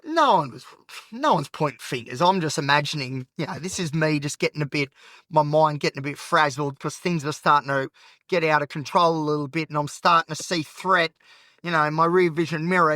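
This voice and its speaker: Agitated Australian man, bright and high. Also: no echo. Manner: rambling and frank, heavy on filler. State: agitated and anxious. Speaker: podcast host. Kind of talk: candid solo monologue while driving. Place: inside a car at night.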